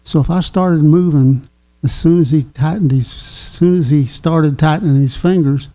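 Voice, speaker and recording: A man's voice: on the high side, dark tone. Chuckling older man. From Kentucky. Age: 80s. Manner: chuckling, folksy, halting with fillers. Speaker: guest. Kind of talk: casual storytelling.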